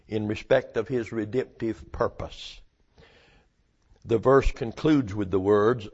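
Preaching with a measured cadence, this man leans on individual words and lets long pauses hang. The audio is somewhat muffled and lo-fi, carrying his darkish, fairly low, gravelly voice.

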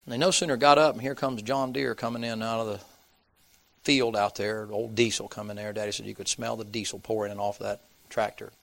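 A man with a drawl preaches through a down-home story, acting out each person in it. His voice is gravelly and rough at the edges. It rings bright and forceful. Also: on the low side, steady tone, a little fast, no echo. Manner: folksy storyteller, acts out characters' voices. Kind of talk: sermon storytelling.

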